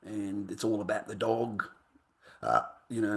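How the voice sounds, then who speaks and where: A man's voice: on the low side, moderate pace, vocal fry. Brash swearing Australian man. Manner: heated, swearing, loud bursts with laughs. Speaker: vlogger. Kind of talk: profane rant to camera.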